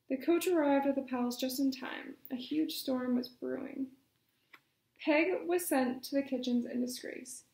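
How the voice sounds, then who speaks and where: A woman reading a children's story aloud at storytime, gently and measured. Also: sits high, gravelly. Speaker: storytime reader. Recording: echoey room.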